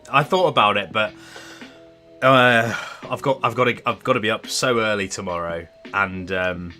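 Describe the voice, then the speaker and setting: A man's voice: lowish voice, moderate pace, sharp tone, soft background music. A man streaming from home, chatting casually with a rambling, self-deprecating manner. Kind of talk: casual livestream chat.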